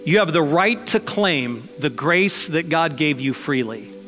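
A man's voice: on the high side, expressive, unhurried, fairly bright tone, in a large hall, faint music behind. A man preaching a sermon as pastor, conversational and emphatic, mixing blunt jokes into his points.

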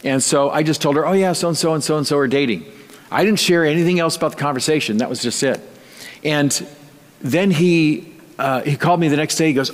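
A man's voice: fairly high pitch, a little fast. A male pastor preaching a sermon in a conversational, storytelling way with light touches of humor. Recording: long reverb.

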